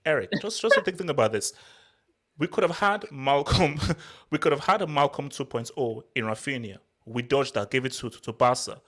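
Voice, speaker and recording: A man co-hosting a casual football podcast, ranting loudly and excitably, repeating himself. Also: mid-range voice, moderate pace. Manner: loud, excitable, repetitive ranting. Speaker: podcast co-host. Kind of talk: heated casual football chat.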